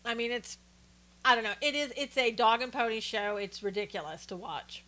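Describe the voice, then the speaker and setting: A woman's voice: a little high, normal speed, pushed and bright. A woman hosting a live stream, chatting casually through political commentary and greeting viewers by name, with frequent fillers.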